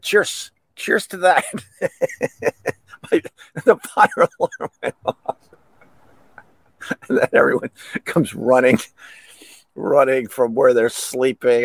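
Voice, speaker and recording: A man's voice: medium pitch, no room sound. Middle-aged man, podcast host, rambling comic storyteller, mid-range voice, dry close sound. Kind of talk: casual solo chat.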